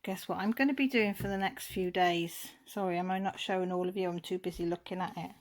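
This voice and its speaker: A woman's voice: on the low side, fairly even intonation, a little fast. A woman vlogger, chatting casually while unboxing, gushing and near tears.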